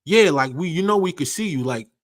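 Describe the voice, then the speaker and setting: With a slightly high voice and a brisk pace, this man hosts a livestream where he goes on a slang-heavy rant. It's animated, full of swearing, and repetitive.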